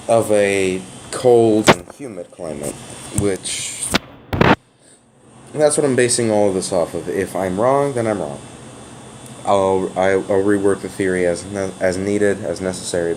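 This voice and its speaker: A man's voice: on the low side, a little mellow, a little hiss or hum, low-quality recording. A man casually explaining a theory to a viewer, open and sonorous, hesitant and rambling, with lots of fillers and restarts. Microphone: off-camera voice recording.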